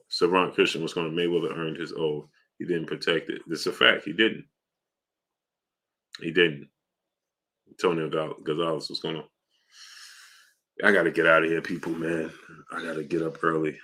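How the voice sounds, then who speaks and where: A man's voice: very deep voice, bright, forceful tone. A man hosting a casual live stream, greeting viewers by name, reading their comments and asking for likes.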